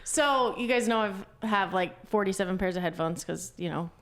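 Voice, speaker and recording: A woman's voice: mid-range voice, normal speed, a loud crowd. A woman co-hosting a podcast in casual chat, talking freely and laughing often. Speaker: podcast co-host.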